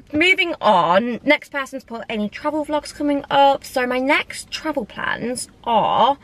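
A woman's voice: on the high side, fairly bright tone. A young woman from England chatting candidly to camera as a vlogger, with lots of fillers and asides. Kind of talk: casual chat to camera.

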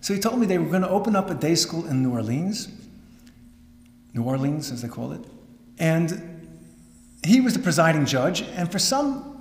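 A middle-aged man, a rabbi, giving a dramatic storytelling lecture with wry asides. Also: a little high. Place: synagogue hall. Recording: echoey hall with long reverb.

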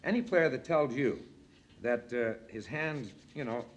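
A man guest on a 1960s television variety show, telling lively stories with a gruff, animated storyteller's manner. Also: mid-range voice, unhurried, slight background noise. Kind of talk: anecdote-telling chat. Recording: 1963 studio show, audience behind.

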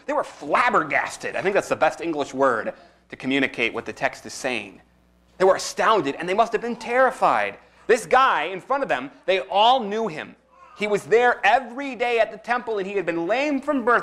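A man preaching a sermon as pastor, lively and expressive, acting out the voices he quotes. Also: on the high side.

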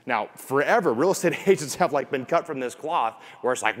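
A man's voice: mid-range voice, animated, brisk. A man coaching real estate agents in a seminar, repeating key points and acting out clients' lines. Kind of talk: motivational seminar talk. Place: room with an audience. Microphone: wearing a mic.

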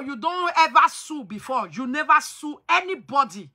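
A woman's voice: high voice, animated, moderate pace, bright, forceful tone. A woman hosting a talk show, lecturing her listeners in an emphatic, preachy way and slipping into pidgin. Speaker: host.

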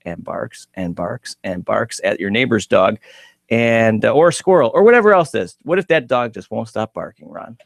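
Gravelly, lively male radio host. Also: on the low side, moderate pace, no echo, clean studio sound. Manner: chatty, jokey, asks questions. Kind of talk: radio talk show. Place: radio studio.

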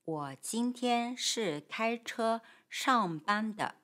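A woman teaching Mandarin grammar, explaining patiently and clearly with model sentences. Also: on the high side, animated, very slow, pushed and bright. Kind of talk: grammar lesson.

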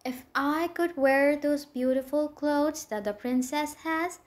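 A woman's voice: sits high, takes it slowly. A woman voicing an envious, spiteful young maid who speaks rudely and sneeringly in a storybook reading. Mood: scheming. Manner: rude, sneering.

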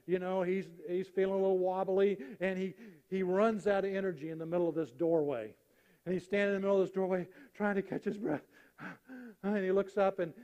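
A man's voice: high-pitched, muffled recording. A man preaching a sermon, telling humorous stories and acting out the punchlines. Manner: animated storyteller acting out jokes. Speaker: pastor. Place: church sanctuary. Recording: church hall reverb.

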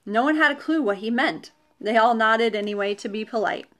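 A woman's voice: on the high side, brisk, a bit bright. A woman reading a children's storybook aloud, with chatty asides to the young listeners.

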